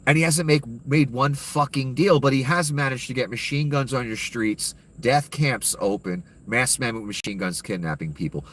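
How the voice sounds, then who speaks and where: A man's voice: medium pitch, normal speed, few pauses, fairly bright tone. A man giving an angry, profane and sarcastic rant of political commentary.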